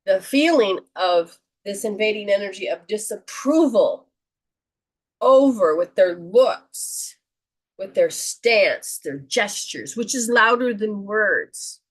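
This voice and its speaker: A woman hosting a call-in show, giving a spiritual reading to a caller in a slow, earnest counseling tone. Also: mid-range voice, lively intonation. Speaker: host and metaphysician.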